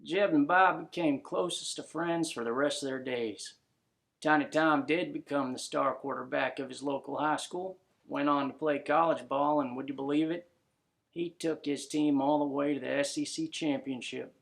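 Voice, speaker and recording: A man's voice: fairly high pitch, steady tone, normal speed, vocal fry, a bit bright. A man narrating a comic story in a laid-back drawl full of folksy slang.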